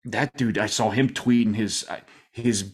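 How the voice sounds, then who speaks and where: A man co-hosting a casual sports podcast, telling stories in an animated, laughing, exaggerated way. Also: fairly low pitch, moderate pace, slightly rough. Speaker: podcast co-host.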